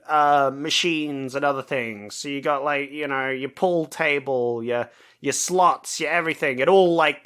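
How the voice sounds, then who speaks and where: A man's voice: a little high, pushed and bright. A man co-hosting a podcast, chatting casually and rambling with lots of fillers and swearing. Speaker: podcast co-host. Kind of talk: casual chat reviewing an old film.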